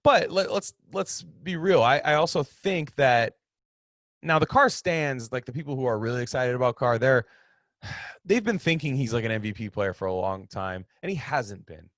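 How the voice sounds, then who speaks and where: A man's voice: mid-range voice, lively intonation, normal speed, a bit bright, dry recording, clean studio sound. A young man hosting a sports talk show, giving rambling, opinionated takes with lots of restarts. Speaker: sports podcast host.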